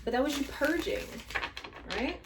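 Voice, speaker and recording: A woman's voice: high voice, normal speed, heavy background noise. A woman chatting her way through a tarot reading, thinking aloud with many fillers and asides. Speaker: tarot reader. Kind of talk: casual spiritual tarot reading.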